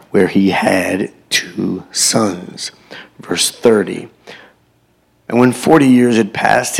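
A preacher reads scripture aloud to his listeners. His voice sits low and has a gravelly, husky grain. Now and then he stops the reading to add a short aside of his own. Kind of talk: sermon scripture reading with commentary.

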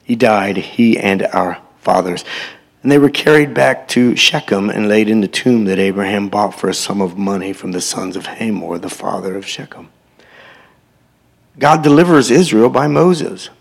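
A man's voice: lowish voice, moderate pace, gravelly. A man reading scripture aloud in a sermon, breaking in with short asides of his own. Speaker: preacher.

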